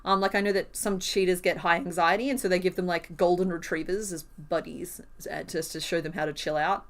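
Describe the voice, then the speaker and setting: A woman's voice: fairly low pitch, steady tone, a little fast. A woman chatting casually on a livestream while she crochets, rambling and self-deprecating. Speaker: streamer.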